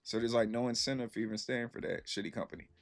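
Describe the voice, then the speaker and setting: A man in his thirties chatting casually with stream viewers, telling an animated, slangy story and repeating himself for emphasis. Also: mid-range voice, quick pace, creaky.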